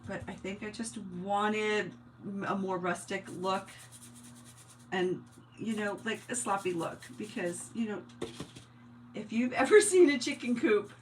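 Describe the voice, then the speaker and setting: A chatty woman with a mixed New Jersey and Long Island accent, softened by years in Indiana, talks her viewers through a craft project. She thinks out loud and laughs easily. Sanding and rubbing noises come through clearly behind her. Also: medium pitch, a little slow, slight background noise, rough recording. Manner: chatty, laughs often, thinks aloud while working. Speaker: crafting livestream host. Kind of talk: casual craft-along chat.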